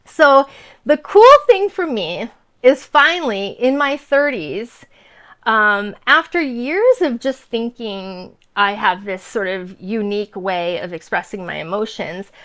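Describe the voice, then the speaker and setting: A woman in her forties speaks to camera in a casual personal vlog, her voice sitting a little high. She tells her story earnestly and with feeling, often pausing on fillers and starting sentences over. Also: fairly bright tone. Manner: earnest, emotional, lots of fillers and restarts. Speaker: vlogger sharing personal stories.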